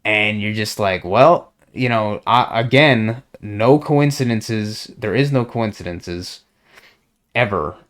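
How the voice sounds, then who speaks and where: A man's voice: fairly low pitch, slow pace, a bit bright. A young man with a profane, meandering way of talking, stopping and restarting often in a casual solo monologue. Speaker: solo podcaster. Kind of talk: rambling monologue.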